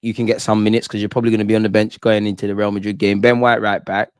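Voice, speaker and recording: A man's voice: on the low side, very fast, smooth, no room sound. Brief: young male host, fired-up live reaction rant, slang and swearing, dry close sound. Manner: excitable, slangy, swears, reads chat aloud. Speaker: football fan channel host. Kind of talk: live post-match reaction stream.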